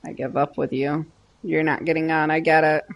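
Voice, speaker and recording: A woman's voice: low-pitched, little pitch movement, vocal fry. A woman game streamer chatting casually and teasing her viewers and pets while she plays. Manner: playful, teasing, drawn-out. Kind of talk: casual chat while gaming.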